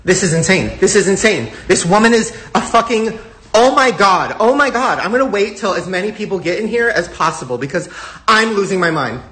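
A man's voice: sits high, expressive, a little fast, bright, forceful tone. Exasperated man swearing on a livestream. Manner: exasperated, swearing, repeating exclamations. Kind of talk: live reaction stream.

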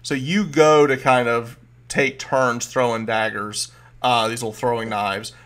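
A man's voice: mid-range voice, steady tone, unhurried, a bit bright. A man narrating as game master, describing scenes loosely with many fillers.

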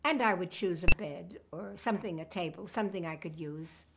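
A woman's voice: on the low side, fairly quick, creaky, husky. A woman, reminiscing in an oral history interview with a wry sense of humor. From United States.

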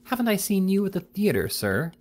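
A man's voice: medium pitch, sing-song, fairly quick, creaky, a little mellow, breathy edge, full character voice. A man doing a sneering army lieutenant. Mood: scornful. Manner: contemptuous, clipped.

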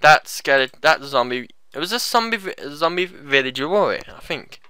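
A man giving excitable gameplay commentary, often yelling in panic and swearing. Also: a little high, moderate pace, clear, resonant tone, no room sound.

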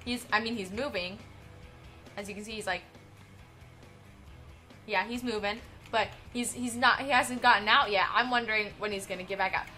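A young woman giving excitable, giggly commentary while playing a video game. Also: mid-range voice, normal speed, long pauses. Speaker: game streamer. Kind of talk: casual gameplay commentary. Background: faint game music.

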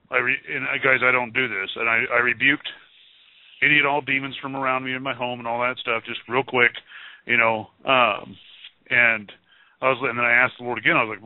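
A man tells a spiritual story on a call-in broadcast, eager and rambling, doubling back on his words. His voice is mid-pitched and comes through a thin, phone-like line. There is no room echo. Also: a little fast. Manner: excited, rambling storyteller with many restarts. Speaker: call-in show co-host. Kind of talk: casual religious testimony. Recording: tinny phone-line radio sound.

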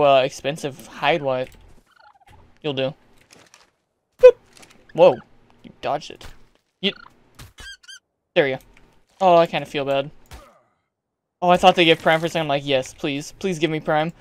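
A man hosting a gaming channel, chatting to himself in let's-play commentary with excitable outbursts. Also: on the high side, normal speed, pauses often, slight background noise. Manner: chatty, talking to himself while playing.

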